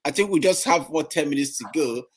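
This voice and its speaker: A man's voice: a little high, a little fast. A man hosting a casual chat, talking loosely and asking questions.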